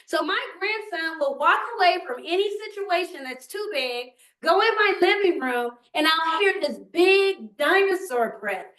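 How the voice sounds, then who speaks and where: Older woman, workshop presenter, high bright voice, animated, echoey room. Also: measured pace, hardly any pauses. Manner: animated, asks the audience questions, acts out quotes. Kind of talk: live presentation to parents. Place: meeting room.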